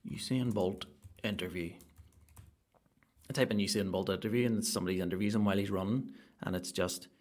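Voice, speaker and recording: A Northern Irish man talks through a rambling comic monologue in a slightly low voice. He swears freely, and quieter asides give way to sudden loud rants. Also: fairly even intonation, brisk. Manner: profane, ranting, with sudden loud outbursts. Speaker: stand-up comedian and podcast host.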